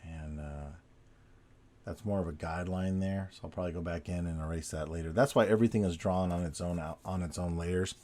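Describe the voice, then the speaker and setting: A low-pitched man with a warm, mellow voice talks through a drawing session at his desk. He rambles along in a relaxed, chatty way and second-guesses his lines as he goes. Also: brisk. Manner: rambling, chatty, self-correcting as he draws. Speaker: artist drawing on video. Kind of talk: casual talk while drawing.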